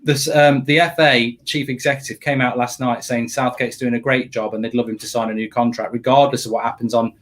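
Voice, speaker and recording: An English man co-hosting a live football watchalong, talking in an animated, ranting way and swearing casually. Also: medium pitch, fairly quick, hardly any pauses.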